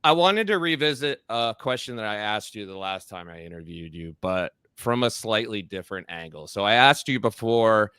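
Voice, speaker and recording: A man's voice: fairly low pitch, lively intonation, normal speed, hardly any pauses, pushed and bright, clean tone, no room sound. A man hosting a marketing podcast, chatting casually with playful, joking asides. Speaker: podcast host. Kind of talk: casual interview chat.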